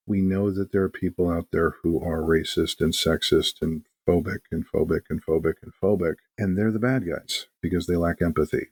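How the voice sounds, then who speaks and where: Deep husky man, animated storyteller. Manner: animated storyteller, acts out quotes. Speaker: guest, game master. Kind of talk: casual interview talk.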